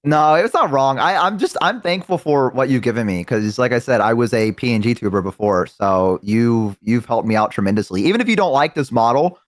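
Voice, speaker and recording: A man's voice: medium pitch, lively intonation, brisk, few pauses, dry recording. A man chatting casually on a live stream, rambling and talkative with many restarts, close to a desk microphone.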